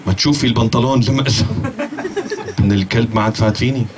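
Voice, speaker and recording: A man's voice: medium pitch, rapid-fire, background noise. A man doing self-mocking, chuckling stand-up. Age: 40s. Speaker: stand-up comedian. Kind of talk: stand-up monologue.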